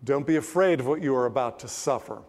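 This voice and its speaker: A male pastor preaching a sermon in a relaxed, conversational way, with pauses and asides. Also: medium pitch. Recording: long church-hall reverb.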